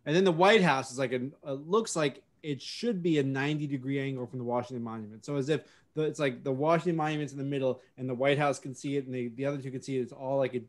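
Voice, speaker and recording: A man co-hosting a casual podcast, rambling and fixated on a detail, mocking himself. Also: medium pitch. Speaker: podcast co-host. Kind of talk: casual chat.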